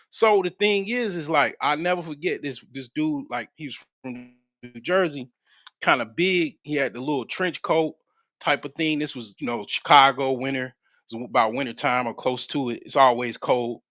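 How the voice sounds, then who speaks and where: A livestream host in his forties, with a mid-range voice, lively intonation, moderate pace and a sharp tone, tells a rambling, slangy story full of restarts and profanity. The recording is dry and slightly dull, from a lo-fi mic.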